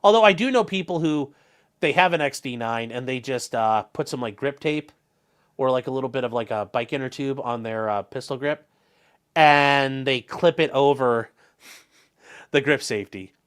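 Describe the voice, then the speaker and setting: A clean, slightly bright mid-range voice at normal speed belongs to this Ohio livestream host with a Northern Ohio accent. He reads chat messages and keeps things loose and jokey, swearing freely and rambling between points.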